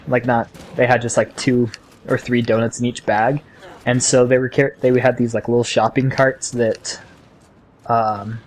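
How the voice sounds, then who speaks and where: A young man runs a gaming channel, and between reactions to the game he tells long, chatty, wandering stories as casual commentary. His voice sits in the middle range, with a little noise in the background.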